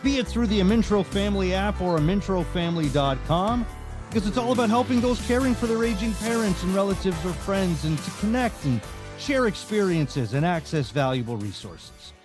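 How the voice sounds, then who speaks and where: A man hosting a caregiving podcast, opening the show and asking measured, friendly questions. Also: sits high, expressive, over music. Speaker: podcast host. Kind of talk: podcast interview.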